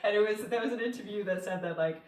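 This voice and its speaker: A woman, a guest in a casual film conversation, chatty and quick to laugh. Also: mid-range voice, darkish tone. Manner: chatty, laughs often, many fillers. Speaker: podcast guest. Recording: echoey room, distant from the mic.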